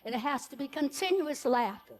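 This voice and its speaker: A woman leading a live group breathing workshop, giving slow, soothing cues for each breath. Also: sits high, lively intonation.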